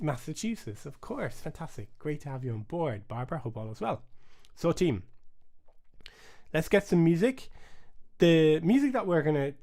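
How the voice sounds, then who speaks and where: A man hosting a live-streamed bodhrán lesson, chatty and upbeat, chanting rhythm syllables aloud, with his voice starting to rasp. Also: fairly high pitch, darkish tone. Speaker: bodhrán teacher and channel host.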